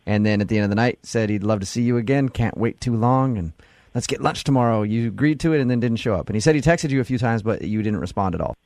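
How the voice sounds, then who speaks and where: A man's voice: medium pitch, darkish tone, dry recording. A man hosting a radio call-in segment, questioning a caller and teasing her with playful mockery. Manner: teasing, playful, quick to mock. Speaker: radio show host.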